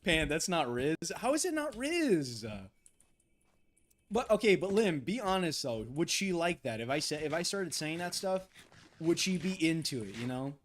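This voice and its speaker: A man's voice: fairly high pitch, lively intonation, moderate pace. A man live-streaming a game, chatting casually in a flustered, stammering way and laughing often.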